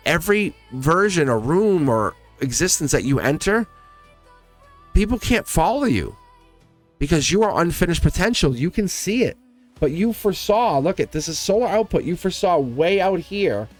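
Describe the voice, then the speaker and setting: A man's voice: fairly high pitch, sing-song, normal speed, faint music behind. A man giving a casual tarot reading, rambling in loops, restarting phrases and chuckling as he talks. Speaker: tarot reader.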